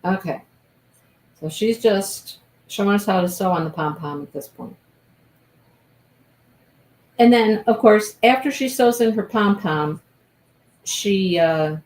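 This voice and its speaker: A woman's voice: medium pitch, rough recording. A woman hosting a casual crochet-along livestream, gushing over her work and thinking aloud as she follows along.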